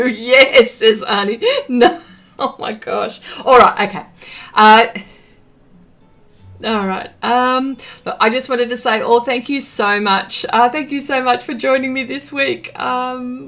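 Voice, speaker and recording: A woman's voice: on the high side, a bit bright. A woman hosting an art livestream, chatting casually, reading out viewer comments, laughing often and correcting herself as she goes.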